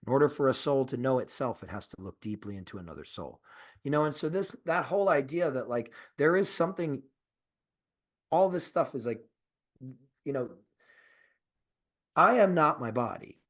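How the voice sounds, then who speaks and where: A man co-hosting a podcast in casual chat, rambling with restarts and swearing, and turning emphatic and insistent when he argues a point. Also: medium pitch. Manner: rambling, profane, with frequent restarts and fillers. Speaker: podcast co-host.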